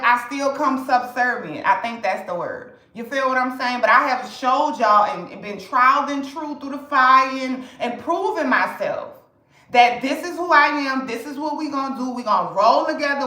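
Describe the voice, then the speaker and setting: Brash high-voiced woman ranting on a livestream. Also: pushed and bright, reverberant, rough recording. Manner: blunt, profane, laughing, rhetorical questions. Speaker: livestream host. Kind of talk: casual livestream rant.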